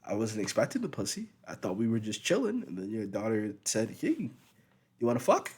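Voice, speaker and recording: A man's voice: on the low side, sing-song, a little fast, a little mellow, slightly rough. A young man gives a blunt, profane, rambling opinion monologue. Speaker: vlogger.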